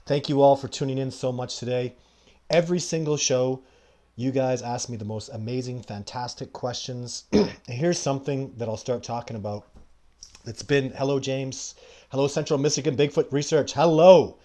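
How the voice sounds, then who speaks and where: A man hosting a live stream, talking in a loose, chatty way and breaking off mid-sentence to greet viewers by name. He tells his story animatedly and laughs often. His pitch sits in an ordinary middle range. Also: normal speed. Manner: animated anecdote telling with frequent laughter. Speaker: live show host.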